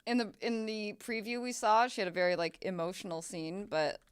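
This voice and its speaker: Streamer type: young woman, chatty and loose, mid-pitch, smooth clear voice, desk mic. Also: little pitch movement, fairly quick. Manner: chatty, swearing, laughing, exclamations. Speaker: game streamer. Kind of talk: casual gameplay chat.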